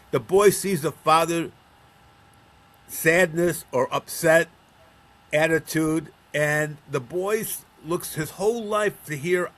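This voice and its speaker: He's a guest on a conversational interview: a Buffalo, New York counselor of men, middle-aged or older, whose voice runs on the high side. Animated yet measured in pace, he narrates stories and mimics the voices of those he quotes.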